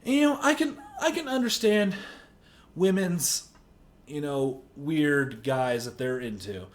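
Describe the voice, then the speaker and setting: A man ranting indignantly in a movie review video, exaggerated, and shouting at times. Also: fairly high pitch, expressive, unhurried.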